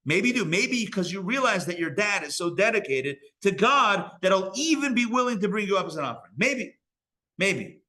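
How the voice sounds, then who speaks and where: A man's voice: high voice, very animated, normal speed, bright, forceful tone. A man teaching a live Torah class as a rabbi, casual and joking with frequent digressions. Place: synagogue learning center.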